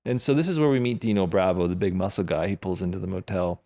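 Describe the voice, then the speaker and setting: A man's voice: low-pitched, quick pace, warm tone. A man co-hosting a podcast, chatting casually about a TV series, acting out quoted lines and laughing often. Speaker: podcast co-host. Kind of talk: casual chat recapping a TV show.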